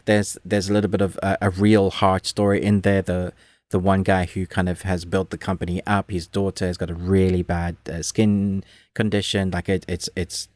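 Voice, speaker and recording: A man with a fairly low voice chats casually about a film as a podcast co-host. He rambles, restarts his sentences and gets animated as he goes. The sound is dry, with no room echo. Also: normal speed. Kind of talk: casual movie review chat.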